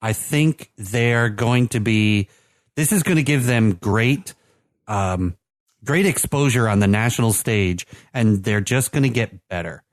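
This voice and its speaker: A man co-hosting a podcast speaks at a measured pace in a voice on the low side. His chat about soccer teams is casual and chatty, riddled with fillers and restarts. Clean studio sound, no room ambience.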